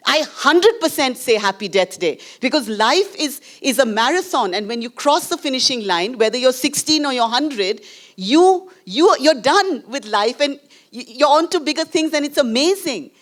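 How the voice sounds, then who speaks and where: A woman's voice: sits high, lively intonation. Candid middle-aged Indian woman filmmaker. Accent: Indian English. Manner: candid, emotional storytelling with quick asides and Hindi phrases. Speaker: filmmaker guest at a screening. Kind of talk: post-screening conversation with an audience. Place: screening venue before a live audience.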